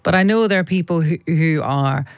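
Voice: mid-range voice, normal speed, no echo, clean studio sound. A host asking questions and musing aloud in a radio discussion, hesitant with many restarts. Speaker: show host.

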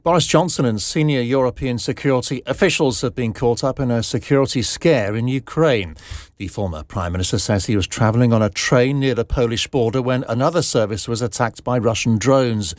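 A man reading a radio news bulletin in a measured, formal way from a studio. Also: medium pitch, no echo. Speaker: newsreader.

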